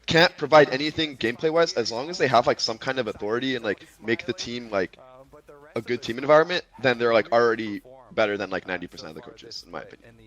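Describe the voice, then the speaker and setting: A young man in casual stream chat, swearing often and reacting excitedly. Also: mid-range voice, fast, rough recording.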